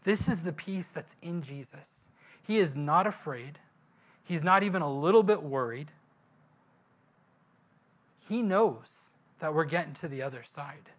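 A man's voice: fairly high pitch, unhurried, pauses often. Man preaching a sermon, chatty storyteller, asks the room questions. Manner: conversational, animated storytelling with rhetorical questions. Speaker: pastor.

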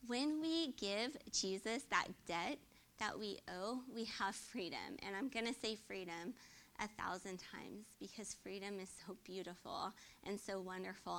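Bright, chatty woman teaching the Bible. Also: medium pitch, a little slow. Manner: chatty and expressive, often adds "right?".

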